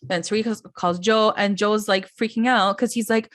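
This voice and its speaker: A woman hosting a podcast in casual chat, talking in an animated way with lots of "like" and quick impressions of other people. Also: medium pitch. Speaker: podcast host.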